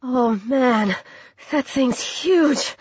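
A woman's voice: sits high, normal speed, a bit bright, voice pushed up. Woman playing a shaky protective teenage boy. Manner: shaky, urgent. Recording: dry, dull lo-fi recording.

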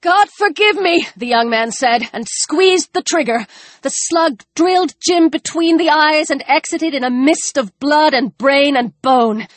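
Woman reading a tense novel out loud, dramatic, kinda high voice, dry mic. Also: measured pace, no room sound. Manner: tense, dramatic, drops low for grim moments. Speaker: narrator. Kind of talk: audiobook narration.

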